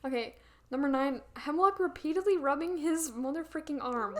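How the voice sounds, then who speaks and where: Young woman with a really high voice just rambling and giggling about a show. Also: moderate pace, a bit bright. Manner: giggly, filler-heavy rambling. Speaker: podcast co-host. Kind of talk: casual fan chat.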